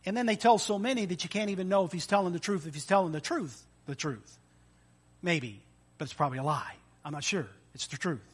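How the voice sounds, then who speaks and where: A man preaching a sermon, animated and playful, acting out little scenes with voices and sound effects. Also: high voice, fairly quick, slightly rough. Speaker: pastor.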